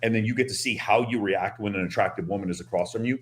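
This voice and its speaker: A man in a group talk, explaining things in a deliberate, somewhat nerdy way. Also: lowish voice, slight background noise. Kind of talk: casual group chat on a stream.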